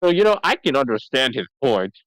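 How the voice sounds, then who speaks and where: A man's voice: mid-range voice, very animated, fairly quick, fairly bright tone, dry recording, rough recording. A man co-hosting a podcast, making rambling, sarcastic asides while watching a movie. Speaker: podcast co-host. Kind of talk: casual movie-riffing chat.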